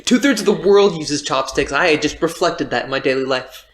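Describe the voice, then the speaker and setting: A man's voice: on the high side, animated, brisk. A man playing in a tabletop game, joking around and laughing in casual banter. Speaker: player. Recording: echoey room with hiss.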